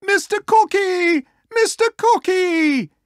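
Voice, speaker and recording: A squealing, panicky pig gentleman. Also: extremely high pitch, takes it slowly, no echo, clean studio sound, voice pushed up. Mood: panicked. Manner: squealing, frantic. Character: panicky fussy male pig, high and shrill. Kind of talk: storybook reading.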